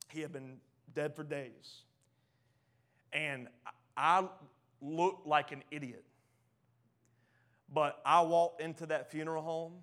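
A man preaching a sermon with passion, rising to loud emphatic bursts and falling back to soft, low asides, often stammering and repeating words. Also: creaky.

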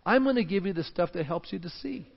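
A man preaching from the pulpit, his high voice swinging up and down as he acts out panicked crowds. The sound is a little dull and muffled. A long reverb trails after his words, as in a large church hall. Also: quick pace, vocal fry. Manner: animated, acts out shouting crowds. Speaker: pastor. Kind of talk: sermon.

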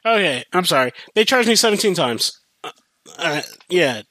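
A young man hosting a podcast, telling a rambling, profane story in a casual, animated way with many restarts. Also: high-pitched, moderate pace, no echo. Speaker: podcast host.

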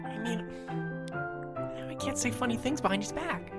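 A tiny, clingy dragon creature that squeals in a piercing, sky-high voice, loud and bursting with excitement. Behind it, music plays clearly throughout. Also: male voice, normal speed. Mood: uneasy.

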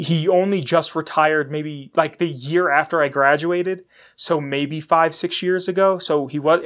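A man's voice: a little high, a bit bright. A man in his twenties hosting a podcast, chatting candidly in a rambling, casually profane way. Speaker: podcast host. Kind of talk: casual chat.

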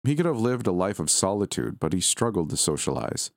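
Deep-voiced male storyteller. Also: sing-song, a little fast, dry recording, studio quality. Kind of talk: first-person story narration.

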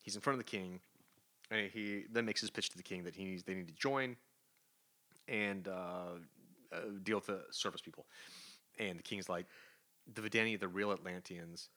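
A man with a lowish, bright voice talks through a comic book plot on a casual podcast. He recaps with energy and acts out the characters' lines as he goes. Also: normal speed, long pauses. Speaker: podcast co-host.

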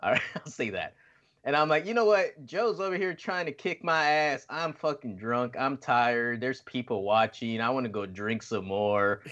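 A man's voice: mid-range voice, expressive, normal speed, muffled recording. A man co-hosting a casual podcast, telling stories with jokes and swearing. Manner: joking, profane storyteller who acts out quotes loudly. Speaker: podcast co-host. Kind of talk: casual chat.

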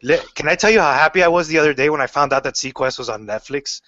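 This comic book writer talks fast in a fairly high voice while loosely recounting stories about his writing in an interview, with plenty of fillers and restarts. The audio is dry and dull.

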